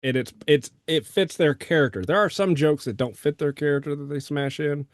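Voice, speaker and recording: A man's voice: a little high, a little fast, no echo. A man co-hosting a casual movie review podcast, chatty and musing, laughing often. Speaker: podcast co-host.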